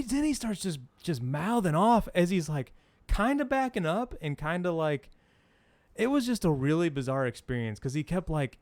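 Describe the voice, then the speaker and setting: A middle-aged man co-hosting a podcast in casual chat, rambling through an animated story with plenty of fillers. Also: fairly high pitch, no room sound. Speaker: podcast co-host.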